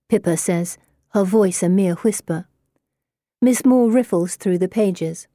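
A woman narrating an audiobook in an expressive storytelling way. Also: medium pitch, a little slow, no echo, studio quality.

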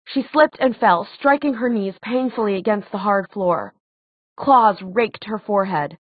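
A woman's voice: mid-range voice, unhurried, husky, no echo. Woman reading an audiobook, phone-like tinny audio, dead dry. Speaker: audiobook narrator. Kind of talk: scripted narration.

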